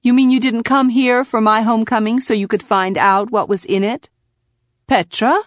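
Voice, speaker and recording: Audiobook: woman doing a prickly young woman soldier, raised pitch, clipped indignation. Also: fairly even intonation, no room sound, natural voice. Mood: incredulous. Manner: indignant, quick to anger. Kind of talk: audiobook character voice.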